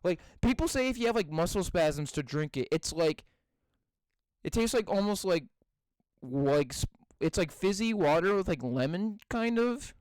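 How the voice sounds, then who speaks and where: A man co-hosting a podcast over a remote call from his bedroom, excitable and swearing constantly in casual chat. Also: high-pitched, moderate pace, no room sound. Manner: excitable, heavy swearing, rants in rising bursts. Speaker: podcast co-host.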